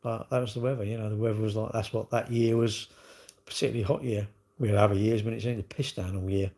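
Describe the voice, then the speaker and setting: A man's voice: lowish voice, fairly even intonation, fast talker, dark tone. A man, rambling in casual livestream chat and answering viewers' comments with lots of tag questions. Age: 60s. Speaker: livestream host.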